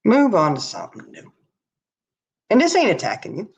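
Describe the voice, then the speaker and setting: A woman's voice: mid-range voice, huge pitch swings, normal speed, breathy edge. A tired woman hosting a casual livestream, talking bluntly and answering her chat as she goes. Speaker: livestream host. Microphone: laptop or webcam.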